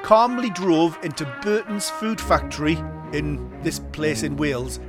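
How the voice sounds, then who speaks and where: A man's voice: on the high side, measured pace, music in the background. A man on a podcast, laughing readily and reading out news stories. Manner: laughs readily, reads news items aloud. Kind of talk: casual chat and story reading.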